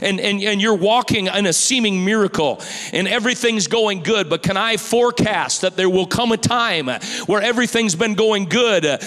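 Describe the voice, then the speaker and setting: A male pastor preaching a sermon in a church, impassioned and rising to shouted pleas. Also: high-pitched, moderate pace, big-room sound, faint music behind.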